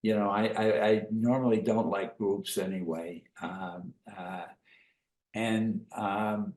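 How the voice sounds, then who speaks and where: A man, an author, reflecting thoughtfully in an interview, halting with many pauses. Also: on the low side, fairly even intonation, darkish tone, echoey room. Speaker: author guest.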